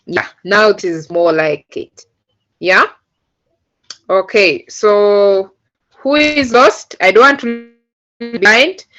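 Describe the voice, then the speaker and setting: A woman's voice: medium pitch, slow, pauses often, a bit bright. A woman teaching a coding class over a video call, explaining patiently step by step with many fillers. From Uganda. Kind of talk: online class instruction. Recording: dull lo-fi call audio.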